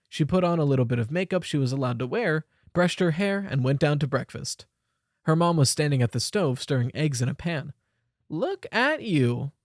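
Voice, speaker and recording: A man's voice: medium pitch, a little mellow, no room sound, studio quality. Young man narrating an audiobook. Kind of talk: scripted narration.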